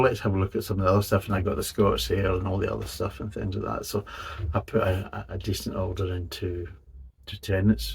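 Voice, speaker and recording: Guy rambling through a beer review, blunt and sweary, low husky voice. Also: a little mellow. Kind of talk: casual review monologue.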